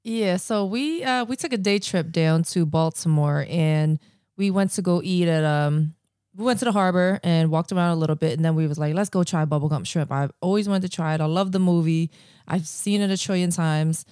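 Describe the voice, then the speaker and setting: A woman co-hosting a podcast, chatting quickly and upbeat with everyday fillers. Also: fairly low pitch, mellow, clear, resonant tone, no echo, clean studio sound. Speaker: podcast co-host. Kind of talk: casual chat.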